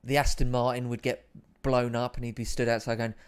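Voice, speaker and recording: A man's voice: medium pitch, flat delivery, a little fast, smooth. A man hosting a live stream, chatting casually with viewers and reading out their comments, with a rambling, self-deprecating manner.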